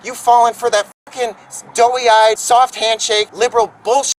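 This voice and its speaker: A man's voice: extremely high pitch, level tone, normal speed, far from the mic, low-quality recording. A man in an angry, profane street argument with police, ranting outdoors in a parking lot. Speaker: homeless activist confronting police.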